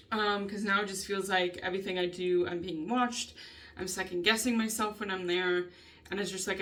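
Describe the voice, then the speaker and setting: A woman venting in a casual vlog, upset and emotional, frustrated and swearing a lot with halting ums. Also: on the low side, pushed and bright. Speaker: vlogger. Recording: voice a bit distant from the mic.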